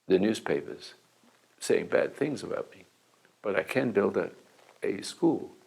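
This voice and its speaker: An older man acting as a self-help teacher, telling an anecdotal story to an audience in a halting way, with restarts, and acting out the dialogue. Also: lowish voice, creaky, slightly rough, rough recording.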